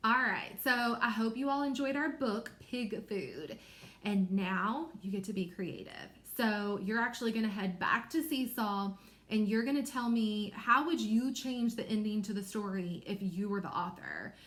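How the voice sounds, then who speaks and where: A woman teacher giving a recorded reading lesson to young children, explaining clearly and encouragingly. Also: medium pitch, normal speed, a bit bright, reverberant.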